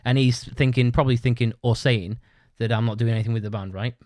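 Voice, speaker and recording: A young man with a British accent tells a long, rambling story on his podcast, swearing a lot and breaking into laughter. His voice sits at a middle pitch, and the recording is close and dry with no room sound. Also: fairly even intonation, fast, darkish tone, dry recording. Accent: British English. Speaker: podcast host. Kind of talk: casual storytelling monologue.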